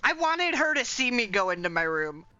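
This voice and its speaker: A woman player in a tabletop game talks softly and politely. Her voice is smooth, clear and bright. The sound is dry and close, on a slightly dull recording. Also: a little high, sing-song, normal speed, no echo.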